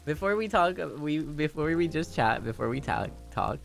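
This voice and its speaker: A man's voice: fairly high pitch, expressive, normal speed, gravelly, a bit bright, faint music behind. A man hosting a casual anniversary chat stream, giggly and rambling, shy and self-conscious, switching between English and Japanese. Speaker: streamer host.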